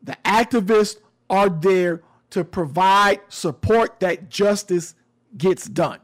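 A man's voice: sits high, slow pace. A man giving a casual commentary monologue, sarcastic and emphatic, often repeating his phrases.

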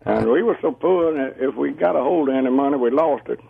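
A man's voice: medium pitch, brisk, creaky, slightly rough. A man from Georgia calling in to a radio show, easygoing and chuckling. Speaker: caller. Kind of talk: phone call-in chat. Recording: muffled phone line.

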